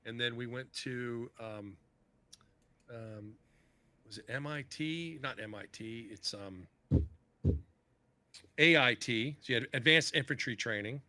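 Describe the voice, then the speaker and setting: Bright-voiced man telling stories profanely. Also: mid-range voice, measured pace, pauses often, no echo. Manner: profane, acts out other people's lines. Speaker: podcast guest. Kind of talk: casual storytelling chat.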